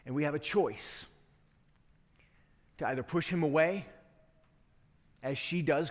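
A man's voice: on the high side, unhurried, long pauses, big-room sound. A male preacher delivering an earnest sermon that tells a story and asks rhetorical questions, in a church.

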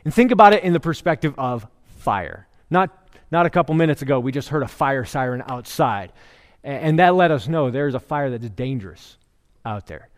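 A middle-aged man preaching a sermon in a relaxed, conversational way, telling jokes and stories to make his points. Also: medium pitch, moderate pace. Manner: conversational preaching with joke storytelling. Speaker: pastor. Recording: long hall reverb.

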